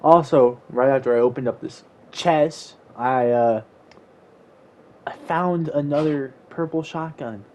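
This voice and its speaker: A man's voice: mid-range voice, unhurried, a little mellow. A young man casually telling a story time while gaming, rambling with lots of "like"s. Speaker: YouTuber.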